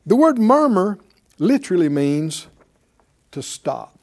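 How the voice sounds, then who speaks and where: A man's voice: high-pitched, big pitch swings, slow, a little mellow. A man teaching a sermon in a conversational way, asking his listeners questions and chuckling often. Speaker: preacher.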